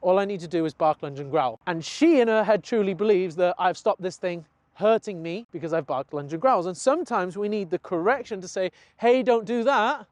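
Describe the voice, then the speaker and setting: A young man from the UK, a dog trainer, giving an earnest, explanatory lesson and acting out his dog's thoughts in quick asides. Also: high-pitched, expressive, a little mellow, dry recording. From United Kingdom. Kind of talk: talking-head training lesson.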